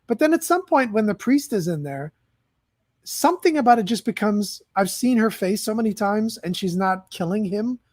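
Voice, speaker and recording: A man's voice: sits high, expressive, darkish tone, dry recording, clean studio sound. Reflective man hosting a film chat. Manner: measured, reflective, searching for words.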